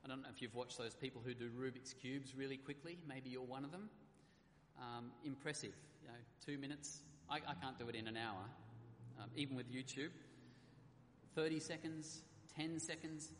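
A man's voice: mid-range voice, fairly even intonation, normal speed, slight background noise. Man preaching in an echoey hall. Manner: earnest preaching, reads scripture aloud with emphasis. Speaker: pastor. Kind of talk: sermon. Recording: echoey hall with faint ambience.

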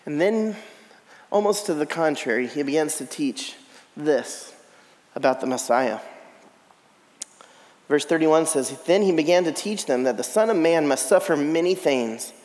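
A man preaching a sermon in an animated way, acting out the voices he quotes. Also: a little high, unhurried, long pauses, in a large hall, rough recording. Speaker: pastor.

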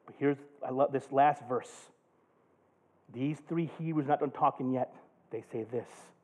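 A male pastor preaching a sermon, moving from a quiet, subdued personal story to loud, passionate preaching. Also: medium pitch, a little slow. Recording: tinny phone-like sound.

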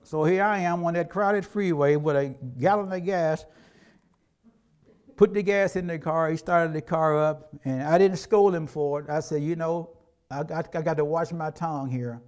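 A man's voice: fairly high pitch, normal speed, a little mellow, clean tone. A middle-aged man preaching a sermon as a pastor, in a conversational way, acting out quotes from everyday life.

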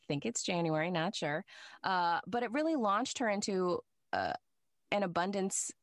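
A woman voice actor chatting as a guest in an interview, telling animated anecdotes and laughing often. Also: lowish voice, normal speed, no room sound, clean studio sound. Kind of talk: casual interview chat.

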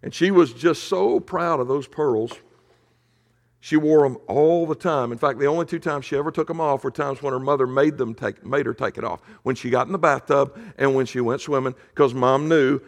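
A male pastor preaching in a conversational storytelling way, often dropping to a hush for emphasis. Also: medium pitch, moderate pace, vocal fry. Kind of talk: sermon storytelling.

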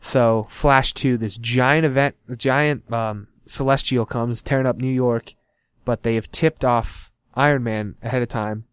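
A young man talks through a comic storyline in a loose, casual chat. He gets animated and jumps into the characters' lines as he retells the plot. His voice is close and dry, with no room around it. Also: mid-range voice, measured pace, smooth, no echo. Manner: animated, acts out characters' lines while recapping.

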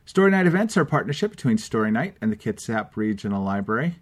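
A man's voice: lowish voice, sing-song, quick pace, slightly rough. A man hosting a storytelling podcast, steadily reading out event announcements. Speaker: podcast host.

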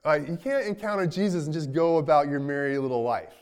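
A man's voice: a little high, fairly quick, clear, resonant tone. Man preaching an easygoing sermon. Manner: conversational, many restarts, dips quiet at line ends. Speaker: pastor.

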